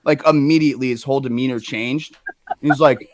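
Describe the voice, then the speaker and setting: Brief: animated male podcast guest, storyteller, dry close mic. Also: mid-range voice, a little fast, long pauses, no echo. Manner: animated, swearing, acts out quoted lines.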